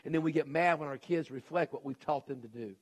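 A middle-aged male pastor preaching a sermon, swinging between shouted emphasis and hushed intensity. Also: on the high side, fast talker.

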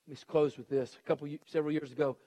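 A man's voice: on the high side, fairly even intonation, very fast, dark tone. Earnest pleading male pastor preaching. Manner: earnest and pleading, with repeated urgent appeals. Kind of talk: sermon.

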